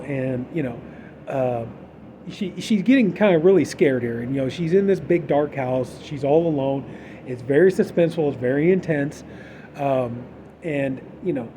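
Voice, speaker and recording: A man's voice: a little high, warm tone, slight background noise, poor audio. A man casually retelling a film's plot on a podcast, rambling and filling gaps with "you know". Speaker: horror podcast co-host. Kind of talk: casual film recap.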